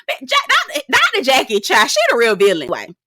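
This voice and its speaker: A woman's voice: on the high side, fast, slight background noise. A woman giving a sassy, slangy recap of a reality show, acting out the cast's lines in a casual commentary style. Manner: sassy, animated, slangy, acts out quotes.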